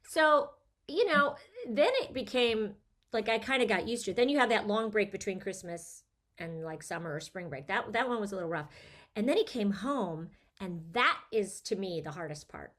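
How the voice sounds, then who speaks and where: A woman's voice: medium pitch, lively intonation, moderate pace, fairly bright tone. Middle-aged woman, podcast guest, candid and emotional, video call audio. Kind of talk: casual chat.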